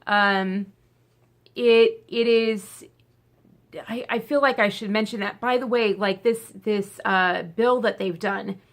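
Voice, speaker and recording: A woman's voice: mid-range voice, fairly even intonation, slow. A woman talking casually to her camera, chatty and emotional, teary from crying, with many fillers and tangents. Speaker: video blogger.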